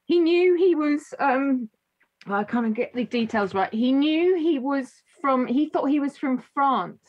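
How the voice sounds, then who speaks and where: A woman podcast host recounting a story in a somewhat higher voice, full of restarts and emotion. The recording sounds dull and slightly lo-fi. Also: animated. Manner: halting, many restarts, moved close to tears.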